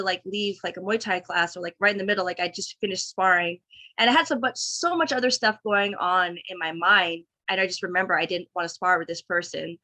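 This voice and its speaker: In a casual, candid podcast conversation, a guest in her thirties speaks at medium pitch with a pushed, bright tone. Her talk rambles, packed with fillers and restarts, as she acts out her past thoughts.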